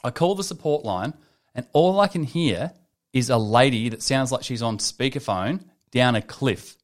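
A man's voice: mid-range voice, moderate pace. Sweary young man telling stories. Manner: swears a lot, animated storytelling. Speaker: podcast co-host. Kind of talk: casual podcast chat.

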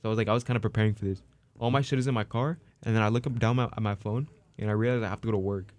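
A young man with a lowish voice tells a story on a casual podcast. He swears constantly, drops into quoting what he said at the time, and rambles on with "bro" and "like". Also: fairly even intonation, very fast, a little mellow, no echo. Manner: profane storytelling, quoting himself. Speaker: podcast co-host. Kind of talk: casual chat.

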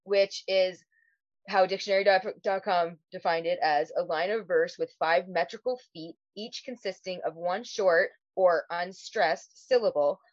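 A woman's voice: on the low side, dry recording, lo-fi sound. A woman co-hosting a podcast in casual chat, swearing freely and laughing often. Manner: swears a lot, laughs often, breaks into silly voices. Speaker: podcast co-host.

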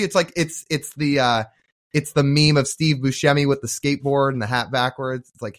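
A man's voice: medium pitch, moderate pace. A man co-hosting a sports podcast, talking in a casual, sarcastic and jokey way. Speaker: podcast co-host.

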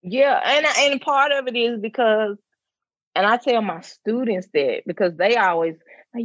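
A woman's voice: medium pitch, moderate pace, dry recording, lo-fi sound. A woman, a teacher and mother, talking earnestly and reflectively about faith and rest in a casual conversation. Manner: earnest, reflective, quotes others in lively voices. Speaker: mother of twins. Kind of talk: faith conversation, personal sharing.

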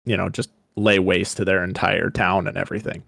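Low-voiced man retelling a story casually. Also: level tone, creaky, a bit bright, no room sound, studio quality. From Colorado. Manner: chatty, paraphrases characters in quick asides. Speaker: podcast co-host.

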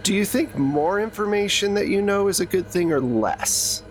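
A man playing a cold male government interrogator who speaks in calm, condescending threats. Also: sits high, normal speed, slight background noise, voice pushed up. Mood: smug.

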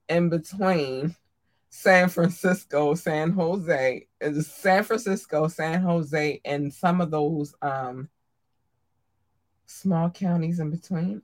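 A woman hosting a podcast, chatting casually and affectionately with listeners and often jumping into a squeaky high voice for greetings. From Maryland, USA. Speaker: podcast host. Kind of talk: casual livestream shout-outs.

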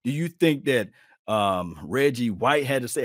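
A man hosting a casual sports talk stream, animated and preachy, calling out to viewers as he riffs. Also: medium pitch, normal speed, no room sound, clean studio sound. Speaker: podcast host.

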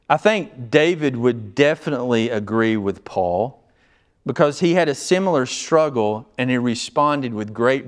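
A male pastor preaching an expository sermon, swinging between loud urgent emphasis and low, quiet asides.

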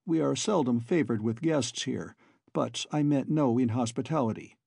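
A wary, well-groomed hacienda master and father who gives curt, formal orders, as a male narrator reads him. The voice stays close to the narrator's own husky, dark tone. It is recorded dry and close. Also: mid-range voice, normal speed, no echo. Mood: hospitable.

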